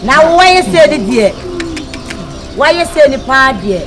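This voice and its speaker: A woman's voice: high voice, very animated, takes it slowly, music in the background, exaggerated voice. A woman acting in a Ghanaian Twi-language movie, explaining something in a matter-of-fact way.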